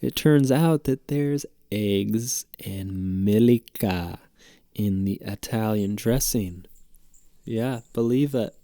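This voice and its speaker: Gravelly man rambling through a story. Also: fairly low pitch, slow, dark tone, no room sound, studio quality. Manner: rambling, profane and jokey. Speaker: podcast host. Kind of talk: casual storytelling monologue.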